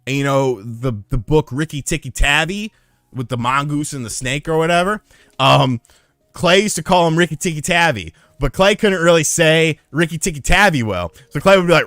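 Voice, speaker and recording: A man's voice: fairly high pitch, moderate pace, dry recording. A man streaming live, telling rambling, profane stories in casual chat. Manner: profane, rambling, animated storyteller. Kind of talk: casual storytelling on a livestream.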